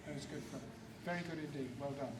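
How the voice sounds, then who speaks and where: A man's voice: on the high side, fast. An older man leads a convention panel, coaching volunteers through improvised scenes in a playful, encouraging way. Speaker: guest actor leading a panel. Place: large convention hall. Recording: echoey hall, far from mic, noise.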